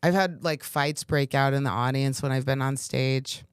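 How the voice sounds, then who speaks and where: A woman's voice: very deep voice, steady tone, normal speed, smooth, dry recording, studio quality. A woman comedian, a guest in a casual interview, telling stories animatedly, laughing often and acting out dialogue.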